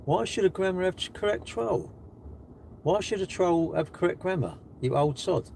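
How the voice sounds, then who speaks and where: A man's voice: high voice, lively intonation, moderate pace, creaky, darkish tone, a little hiss or hum. A man with a British accent on a live stream, sitting in his car, reading viewers' comments aloud and answering them with sarcastic, mocking jabs. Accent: British English. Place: in a car while charging it.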